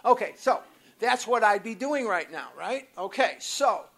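An animated speaker from the United States addresses a recovery workshop crowd in a meeting room. The delivery is blunt and lively, peppered with mild swearing and offhand asides. The voice sits in an ordinary middle pitch. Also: unhurried. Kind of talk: personal storytelling talk to a live group.

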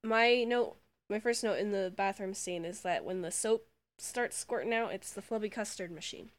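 A woman co-hosting a podcast in casual chat, chatty and quick to react. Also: mid-range voice. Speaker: podcast co-host.

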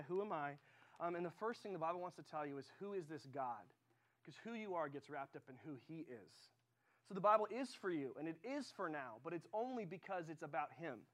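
A young man delivers a youth sermon in a loose, conversational style, stumbling over restarts and filling pauses with ums. His voice sits a little above the usual male range. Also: a little high, lively intonation, fairly bright tone. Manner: casual, conversational, many fillers. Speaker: high school director.

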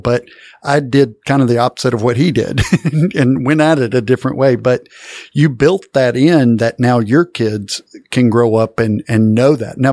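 A man's voice: medium pitch, darkish tone, no echo. A man co-hosting a podcast, affirming others and adding short thoughts. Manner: affirming, brief backchannels. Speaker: podcast co-host. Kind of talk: casual conversation.

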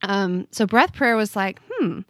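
A woman's voice: mid-range voice, very animated, measured pace, a bit bright, no room sound, clean studio sound. A woman in her forties, a podcast guest, telling a personal story in an earnest, heartfelt way that often halts and restarts. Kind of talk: personal testimony in conversation.

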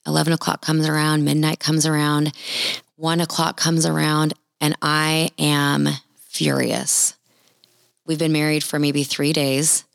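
A woman's voice: deep voice, vocal fry, no room sound, clean studio sound. A middle-aged woman sharing a Christian testimony in an earnest, heartfelt storytelling manner. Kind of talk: personal testimony talk.

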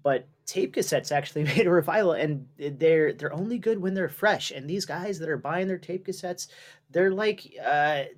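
Halting podcast co-host, man. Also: fairly high pitch, expressive. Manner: halting, restarts a lot. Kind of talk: casual chat.

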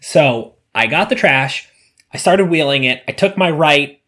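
Animated man telling a story. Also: a little high, unhurried. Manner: animated storyteller, acts out voices. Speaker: podcast co-host. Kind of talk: casual chat.

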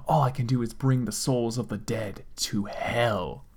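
A grave, all-powerful male death spirit, as a man reads him out makes slow, solemn pronouncements. The voice sits at a middle pitch and keeps a heavy, ceremonial tone. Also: steady tone, a little mellow, husky.

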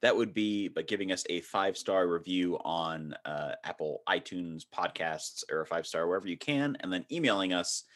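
A man's voice: sits low, expressive, moderate pace, few pauses, fairly bright tone. A man hosting a podcast, chatting casually with frequent laughs and fillers. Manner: laughs often, rambling with fillers. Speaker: podcast host.

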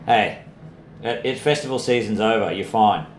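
A man's voice: on the low side, normal speed, reverberant, slight background noise. A man, co-hosting a podcast in casual chat and telling rambling stories full of fillers. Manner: laid-back, rambling storyteller with frequent fillers. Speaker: podcast co-host, touring comedian.

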